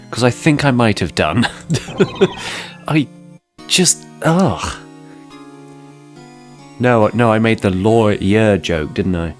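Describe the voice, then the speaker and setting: A man's voice: on the low side, lively intonation, takes it slowly, long pauses, soft background music. Chatty self-deprecating male gamer. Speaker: let's play host. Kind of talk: game commentary.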